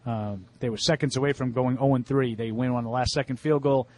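A man's voice: mid-range voice, steady tone, fairly quick, darkish tone. Guy hosting a football picks segment, middle voice, reads out the lines. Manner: reads out matchups and lines, then gives his pick. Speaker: host running the picks segment. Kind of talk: casual sports panel chat.

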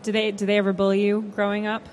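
A woman's voice: mid-range voice, monotone, very fast, darkish tone. Brief: female interviewer, upbeat and teasing, faint room noise. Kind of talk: casual interview questions.

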